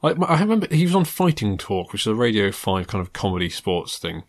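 A man's voice: on the low side, sing-song. A man from England in casual chat, enthusiastic and jokey, teasing his friend. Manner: enthusiastic, jokey, quick to tease. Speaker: podcast co-host.

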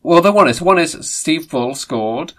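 A man's voice: fairly high pitch, lively intonation, unhurried, a bit bright. A man from England in casual chat, telling stories with dry, self-mocking humour and frequent laughter. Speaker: podcast co-host.

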